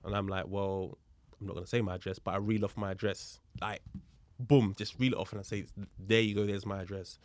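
A police officer appears as a podcast guest, casually telling a story in conversation and explaining the legal points along the way. He retells it lively, acting out both sides of the dialogue, in a brisk, lowish voice with slight background noise.

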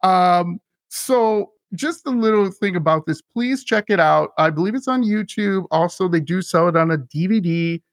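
A man hosting a casual podcast chat, animated and laughing often as he retells scenes. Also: sits high, normal speed, no room sound. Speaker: podcast host.

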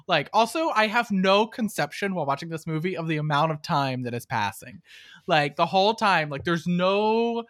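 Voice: mid-range voice, animated, moderate pace, fairly bright tone, dry recording, clean studio sound. A podcast co-host in a casual chat, mocking a movie with sarcastic asides and exasperated acted-out reactions.

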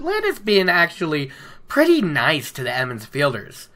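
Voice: mid-range voice, wildly swooping pitch, normal speed, pushed and bright. A podcast host casually recapping a fantasy book chapter with chatty, enthusiastic asides.

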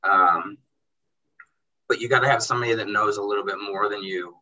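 A young man who runs a car detailing business, telling animated stories in casual chat and acting out dialogue in quotes. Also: lowish voice, brisk, lo-fi sound. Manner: animated, acts out dialogue in quotes, says bro and dude. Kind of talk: casual storytelling in a podcast chat.

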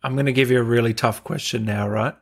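A man's voice: mid-range voice, fairly even intonation, fast. A man hosting a casual interview, playful as he reads out viewer questions. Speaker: interview host.

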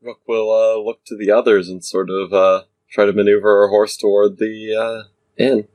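A man's voice: lowish voice, flat delivery, normal speed, darkish tone, dry recording. A man playing a tabletop role-playing game, talking hesitantly with many fillers. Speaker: player.

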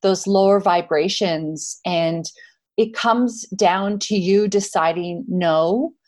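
A woman's voice: medium pitch, fairly even intonation, takes it slowly, darkish tone. A woman hosting a spiritual podcast, who talks in an earnest, encouraging way. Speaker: podcast host. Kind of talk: casual spiritual conversation.

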